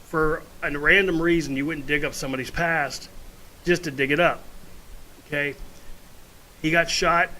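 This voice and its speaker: Guy ranting at home, bright pushy voice, kinda high, rambles and goes off on tangents. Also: a little hiss or hum, rough recording. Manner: blunt, opinionated, rambling asides. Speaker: vlogger. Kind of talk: casual opinion monologue.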